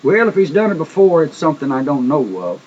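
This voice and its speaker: A man's voice: on the high side, very animated, brisk, a little mellow, husky. A man telling a testimony in an emphatic, folksy sermon style, often repeating words. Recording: dull lo-fi recording with faint noise.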